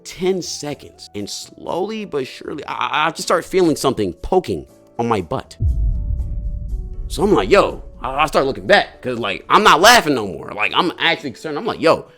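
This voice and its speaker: A young man casually telling a funny story as a streamer, slangy and profane, jumping into high yelps of disbelief. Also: very animated, moderate pace, bright, forceful tone, soft background music.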